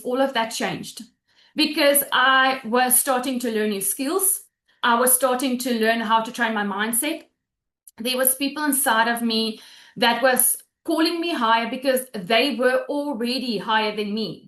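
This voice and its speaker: Emotional high-voiced woman on a webinar. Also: fairly bright tone, roomy sound. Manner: emotional, halting, with restarts. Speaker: webinar guest sharing her story.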